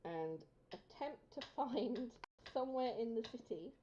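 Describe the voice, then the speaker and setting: A woman's voice: fairly high pitch, animated, measured pace, dark tone, slight background noise. A woman playing a tabletop game, describing her character's actions in a casual, hesitant way. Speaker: player. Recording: dull lo-fi sound.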